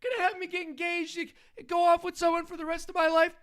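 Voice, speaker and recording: A man voicing a whiny, anxious teenage boy sidekick who stammers and pleads in a high, cracking voice. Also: completely flat delivery, quick pace, a bit bright.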